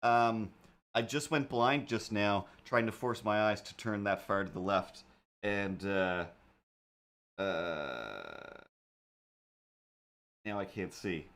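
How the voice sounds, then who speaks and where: A man's voice: fairly low pitch, expressive, slow, pauses often, a bit bright. A man hosting a casual drawing livestream, talking in a rambling, jokey way with lots of fillers and asides. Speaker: livestream host and artist.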